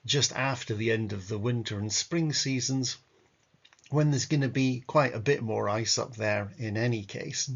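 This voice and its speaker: Wry guy narrating travel pics, gravelly, rambly, bit lo-fi. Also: mid-range voice, moderate pace. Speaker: travel guide vlogger. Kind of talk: casual travel commentary over photos. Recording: dull lo-fi audio.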